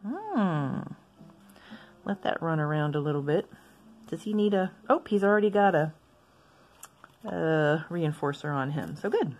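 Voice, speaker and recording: A woman with a fairly low voice that swings up and down a lot. She talks casually and rambles into side stories while gently poking fun at herself. Soft music plays faintly behind her. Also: expressive, a little slow, long pauses. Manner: chatty, rambling, self-deprecating asides. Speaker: stationery vlogger. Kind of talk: casual chat while swatching inks.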